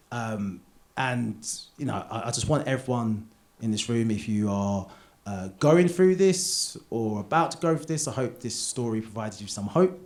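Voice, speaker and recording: A British man in his thirties doing live stand-up, chatty and confessional, building up to loud punchlines. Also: on the low side. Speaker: stand-up comedian. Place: theatre stage.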